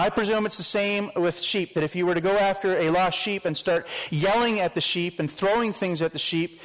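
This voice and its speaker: A man's voice: sits high, big-room sound, rough recording. A man preaching a sermon as pastor, earnest and conversational with self-deprecating asides.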